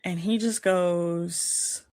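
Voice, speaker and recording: A woman with a lowish voice speaks very slowly on a dry recording as she hosts a casual chat show. She tells a long personal story with animation, acting out the lines people said.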